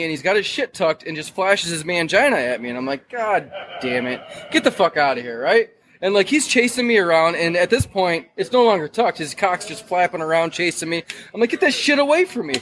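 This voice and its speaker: Profane, animated man telling a story. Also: high-pitched, low-quality recording. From Detroit, Michigan. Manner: profane, animated storyteller, loud when acting out shouts. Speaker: podcast guest. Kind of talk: casual storytelling.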